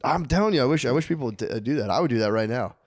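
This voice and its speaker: A man's voice: medium pitch, animated, rapid-fire. A man in his thirties co-hosting a podcast, chatting casually and crudely, joking around and slipping into silly voices. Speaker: podcast co-host. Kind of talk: casual comedic chat.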